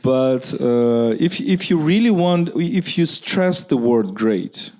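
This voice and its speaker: A man's voice: medium pitch, lively intonation, slow, few pauses, a little mellow. A man with a Ukrainian accent speaking as a guest at a live public conversation, arguing earnestly and often restarting his sentences. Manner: earnest, argumentative, with frequent restarts.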